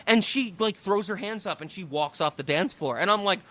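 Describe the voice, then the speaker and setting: A man's voice: high-pitched, fairly quick, dry recording. A man hosting a casual podcast, telling a movie's plot and acting out the characters' lines. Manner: animated storytelling, acts out quotes. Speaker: podcast host. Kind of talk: casual chat.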